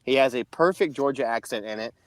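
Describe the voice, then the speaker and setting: A man's voice: mid-range voice, fast talker, a little hiss or hum. A man co-hosting a podcast, telling a long story in a casual, rambling way. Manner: rambling storyteller, many restarts. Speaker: podcast co-host.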